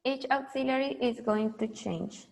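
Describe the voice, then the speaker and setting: A woman's voice: a little high, normal speed, creaky, darkish tone. A woman teaching an English lesson, explaining and drilling students with patient repetition. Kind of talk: online language lesson.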